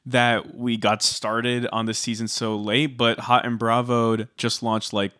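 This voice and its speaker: A man's voice: mid-range voice, flat delivery, unhurried, fairly bright tone. A man co-hosting a podcast in casual chat, conversational and plugging the show. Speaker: podcast co-host.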